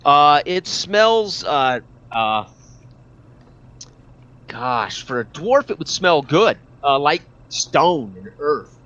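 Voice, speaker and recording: A man's voice: fairly high pitch, very animated, bright, forceful tone, highs cut off. A man narrating a tabletop game as game master, stumbling through restarts and fillers as he describes the scene. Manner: halting, many restarts and fillers.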